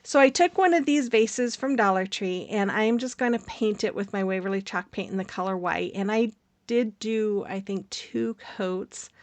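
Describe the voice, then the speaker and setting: A woman's voice: medium pitch, normal speed, no room sound. Chatty woman narrating a craft tutorial. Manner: chatty, rambling, laughs often, many fillers. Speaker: craft channel host. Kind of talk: casual craft tutorial voice-over.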